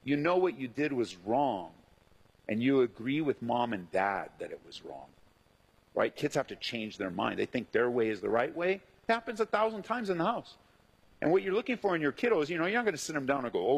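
Husky, lively-voiced man preaching a sermon. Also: a little high, a little fast, poor audio. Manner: animated preaching, acts out quoted voices. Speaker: pastor.

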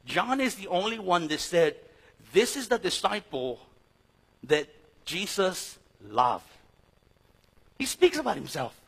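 A middle-aged man teaches scripture with a bright, high-pitched and husky voice. His pitch swings widely as he acts out stories and conversations. His delivery is animated and full of restarts. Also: takes it slowly, long pauses. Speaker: Bible teacher. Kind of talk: lively sermon-style Bible class.

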